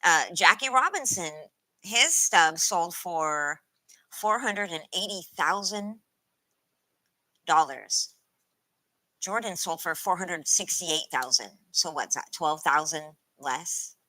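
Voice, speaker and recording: A woman's voice: lowish voice, expressive, slow, bright, forceful tone, no echo, low-quality recording. A woman hosting a casual trivia stream, playful and laughing often as she reads out chat.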